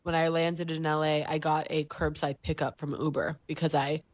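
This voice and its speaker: A woman in her thirties co-hosting a podcast, telling a story in a lively way and acting out the voices of people she quotes. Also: normal speed. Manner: animated storyteller, acts out voices and jumps up high for quoted lines. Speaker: podcast co-host. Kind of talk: casual chat, telling a story.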